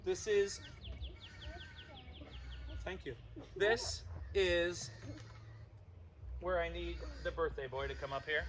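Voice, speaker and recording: A man's voice: fairly high pitch, takes it slowly, pauses often, fairly bright tone, slight background noise. A man presenting a live animal show to kids, playful and teasing.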